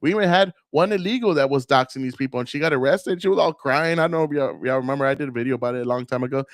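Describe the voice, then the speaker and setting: A man's voice: mid-range voice, rapid-fire, no echo, clean studio sound. A man hosting a casual political rant, profane and rambling, often mocking the people he talks about. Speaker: political commentary host.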